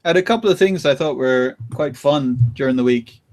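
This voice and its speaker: A man hosting a podcast, chatting casually and retelling things with animated laughter. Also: mid-range voice, fairly quick. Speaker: podcast host. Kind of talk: casual chat.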